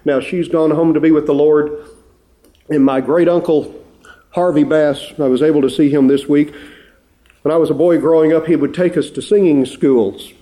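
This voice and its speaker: Earnest middle-aged male preacher, mellow voice. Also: a little high, steady tone, moderate pace. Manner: earnest, rising to fervent appeals. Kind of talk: sermon.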